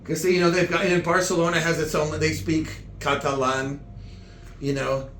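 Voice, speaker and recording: A man telling comic stories in meandering, halting chat full of restarts. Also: on the high side, flat delivery, fairly bright tone, reverberant, a little hiss or hum. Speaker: comedian. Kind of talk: rambling comedic chat.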